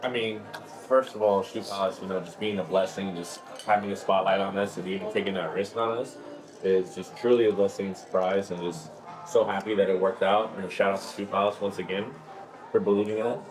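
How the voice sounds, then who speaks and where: A man's voice: low voice, steady tone, fairly quick, over music, rough recording. A man speaking earnestly and gratefully in a casual dinner conversation.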